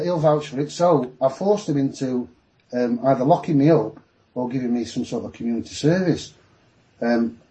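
Captured in a low-quality recording, a male podcast guest animatedly relates a long story of his own, mimicking the voices of the people in it. His voice sits in the mid-range.

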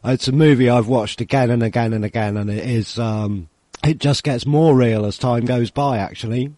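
Mellow-voiced radio host. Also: male voice, mid-range voice, moderate pace, no room sound. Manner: easygoing, chatty, informal. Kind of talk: casual radio chat.

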